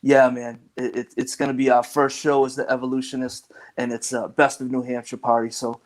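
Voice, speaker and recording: A man from Lowell, Massachusetts, with a thick Boston accent, is a guest musician chatting casually, rambling and laughing easily. His mid-range voice holds a level tone at a fairly quick pace, and the recording is rough.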